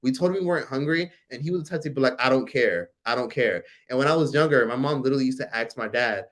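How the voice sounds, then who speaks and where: A man in his forties hosting a casual livestream, telling a personal story with animated, profane delivery and reading viewer comments aloud. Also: mid-range voice, very fast. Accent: American. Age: 40s. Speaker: livestream host.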